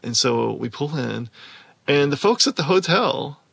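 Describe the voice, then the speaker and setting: Man, storytelling, animated, bright sharp tone, gravelly edge. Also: a little high, a little slow, no room sound. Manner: animated, laughs while telling. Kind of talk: personal storytelling.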